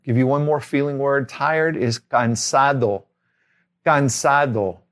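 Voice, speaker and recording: A man's voice: mid-range voice, fairly even intonation, normal speed, clear, resonant tone. A middle-aged man giving a spoken vocabulary lesson as a tutor, repeating each word twice for learners. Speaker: language tutor.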